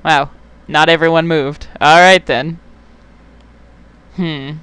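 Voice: medium pitch, fairly even intonation, slow pace, a bit bright, clear, resonant tone, no echo. A young adult gamer giving casual let's play commentary, swearing often, getting worked up and talking back to the game.

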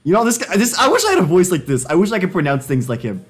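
A young man talks on a live stream in a playful, excitable way, his pitch leaping high whenever he crows about a win. He laughs at his own jokes and comments on everything as he goes. Soft music sits faintly underneath. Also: very fast, breathy edge. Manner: jokey, excitable, laughing self-commentary with sudden pitch jumps. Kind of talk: casual live-stream chat while doing language drills.

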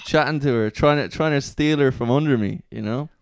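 A man's voice: mid-range voice, a little fast, slight background noise. A man guesting on a podcast, telling a story in a loose, laughing way. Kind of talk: casual storytelling.

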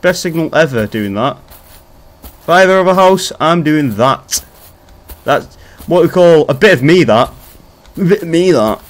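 A man's voice: a little high, lively intonation, moderate pace, pauses often. A young man giving casual, jokey commentary while playing a horror game, swearing and talking back to the game. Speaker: gaming commentator. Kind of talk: casual let's-play commentary.

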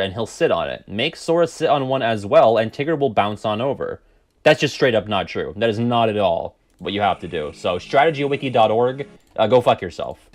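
A man streaming video games, chatting at mid pitch with a voice that swoops up and down a lot. He is casual and profane and laughs at his own mistakes. Faint music plays underneath. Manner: animated, profane, laughs often, self-deprecating. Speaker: game streamer. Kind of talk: casual gameplay commentary.

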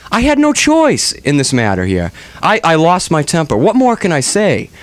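A man's voice: medium pitch, huge pitch swings, brisk, hardly any pauses. A man hosting a comedic radio show on a studio microphone, ranting in mock-melodramatic exasperation.

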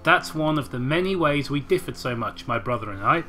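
A man's voice: mid-range voice, lively intonation, brisk, pushed and bright, soft background music. A man reading a story aloud with sarcastic joking asides. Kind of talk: comedic reading with banter.

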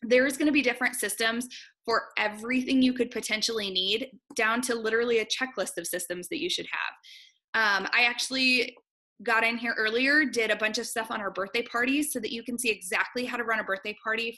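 Bright, quick-talking woman, gym owner, upbeat webinar host, lots of ums. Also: on the high side. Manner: excited, fast-talking, uses many ums. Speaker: gym owner and program coach. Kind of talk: casual webinar walkthrough.

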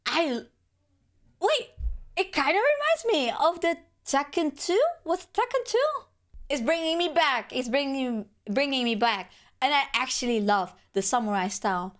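A woman with a hoarse voice gushing excitedly as she reacts to a game trailer, with lots of exclamations and repeated outbursts. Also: sits high, normal speed, faint music behind. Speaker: gaming reaction vlogger.

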